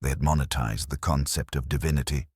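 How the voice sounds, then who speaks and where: A man's voice: extremely low pitch, fairly even intonation, a little fast, darkish tone, husky, dry recording, studio quality. A man giving brooding, theatrical scripted narration of a story.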